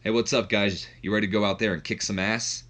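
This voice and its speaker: A man voicing a friendly, cocky male wrestler in a casual, low voice. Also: steady tone, quick pace, a bit bright.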